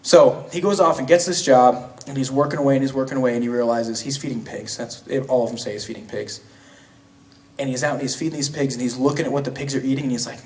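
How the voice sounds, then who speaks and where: A man's voice: medium pitch, steady tone, fast talker, darkish tone. A young man preaching a sermon in a casual, slangy way, retelling a story with frequent restarts in a church. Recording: voice from a distance.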